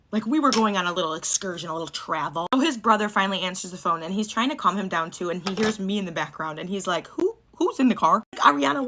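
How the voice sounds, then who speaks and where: A woman's voice: medium pitch, fairly bright tone, slight background noise. A young woman telling a story in a chatty, casual way, swearing often and filling her talk with "like". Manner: chatty, swears, lots of "like" fillers.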